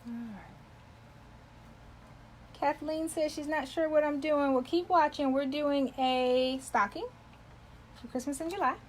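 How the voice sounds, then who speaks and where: A woman's voice: sits high, unhurried, long pauses, slight background noise, rough recording. A talkative woman chatting with viewers while demonstrating embroidery on a live stream. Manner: talkative, loves to chat with viewers; greets viewers by name while working. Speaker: embroidery livestream host.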